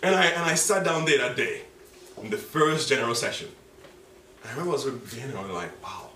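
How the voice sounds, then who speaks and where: A man preaching a sermon with passion, rising to high, emotional pleas. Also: lively intonation, a little fast, pushed and bright, slight background noise. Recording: echoey room from a distance.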